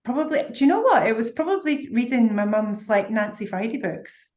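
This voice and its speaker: A woman with a Scottish accent and a fairly high voice speaks as a podcast guest. She gushes with exclamations and fills her pauses with ums as she chats casually. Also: animated, darkish tone. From Scotland. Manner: effusive, exclaiming, full of fillers. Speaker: guest author. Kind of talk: casual interview chat.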